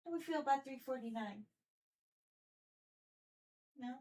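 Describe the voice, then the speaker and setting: A woman's voice: high-pitched, a little slow, a little mellow. A woman streamer at home, chatting casually during a live stream and cooing baby talk to her cat.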